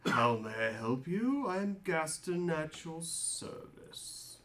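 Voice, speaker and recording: A man's voice: a little high, very animated, slow, a bit bright, voice pushed up, exaggerated voice. Gaston, a man doing a polite older servant. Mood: courteous. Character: older male human servant, formal and courteous.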